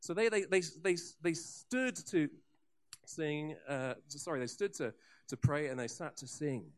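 A man preaching a sermon, telling revival stories with lively asides and frequent restarts. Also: fairly high pitch, unhurried, clear, resonant tone. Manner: animated storyteller with asides and restarts. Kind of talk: sermon storytelling.

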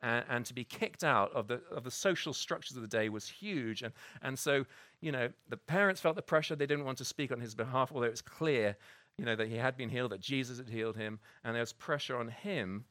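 A man delivers a sermon in a loose, conversational manner, often restarting phrases and tossing in tag questions. His voice sits at an ordinary middle pitch. The recording is dry and close, with little room sound. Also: a bit bright, no room sound. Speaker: pastor.

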